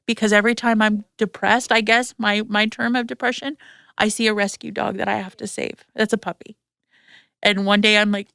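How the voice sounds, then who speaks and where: A woman's voice: medium pitch, level tone, moderate pace, gravelly, fairly bright tone, dry recording, clean studio sound. A woman hosting a podcast, telling a personal story frankly and emotionally, swearing freely and using lots of fillers. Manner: emotional, tearful retelling. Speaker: podcast host. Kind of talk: candid personal storytelling chat.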